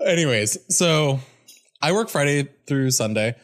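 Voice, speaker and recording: A man's voice: a little high, expressive, unhurried. A young man co-hosting a casual comedy podcast, telling a story in a playful, self-mocking way and laughing often. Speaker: podcast co-host.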